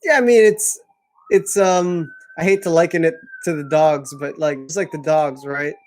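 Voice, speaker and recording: A man's voice: a little high, steady tone, moderate pace, darkish tone, a little hiss or hum. Laid-back young man chatting on a podcast. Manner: laid-back, rambling, laughs often. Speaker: podcast co-host. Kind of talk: casual chat.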